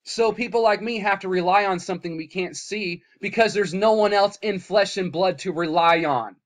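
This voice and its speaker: Man ranting heatedly, slightly high voice. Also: normal speed. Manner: swings from loud, heated outbursts to low, weary muttering. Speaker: vlogger. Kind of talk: impassioned rant to camera.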